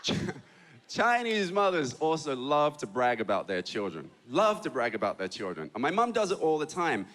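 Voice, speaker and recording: A man's voice: on the high side, moderate pace. A young man from Hong Kong and Australia telling stories in a punchy stand-up comedy set on a club stage. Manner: animated storytelling, punchy delivery.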